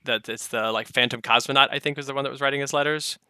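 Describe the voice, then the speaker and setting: A man hosting a podcast, chatting casually and reading out listener letters, often trailing off quietly at the ends of phrases. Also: mid-range voice, fairly even intonation, fast, clean tone, no room sound, studio quality. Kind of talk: casual chat.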